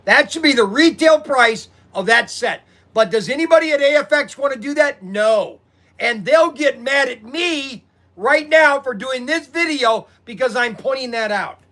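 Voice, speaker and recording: A man's voice: very high-pitched, normal speed. A man who runs a hobby shop, chatting casually and rambling to his viewers on a livestream, recorded on a phone set on a tripod. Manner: rambling, animated, talks to viewers directly.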